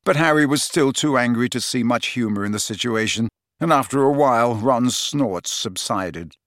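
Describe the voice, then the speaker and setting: A man narrates an audiobook, telling the scripted story in a steady, expressive way. His medium-pitched voice moves at a moderate pace, recorded at studio quality with no echo.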